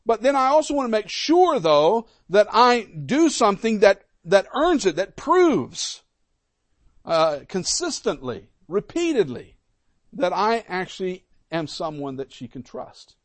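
A middle-aged pastor delivers an emphatic sermon, leaning on repetition to drive points home. His voice sits high and swoops widely up and down. The sound is dry and close. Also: sing-song, measured pace, no echo.

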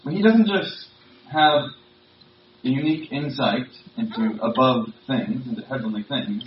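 Male pastor, mid-pitched, conversational sermon delivery with emphasis; echoey, distant, muffled church recording. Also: measured pace, slight background noise. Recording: roomy, distant, dull sound.

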